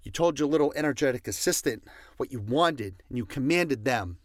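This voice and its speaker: A man's voice: medium pitch, lively intonation, moderate pace, no echo, studio quality. A man giving a passionate motivational talk, stressing his points by repeating commands. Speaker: motivational speaker.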